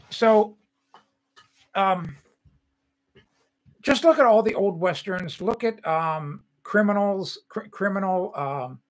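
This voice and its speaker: On a livestream for his home-building show, an older host vents angrily, repeating himself, before going through viewer comments and replying to each person by name. His voice sits high and sounds a bit bright, and the audio is poor.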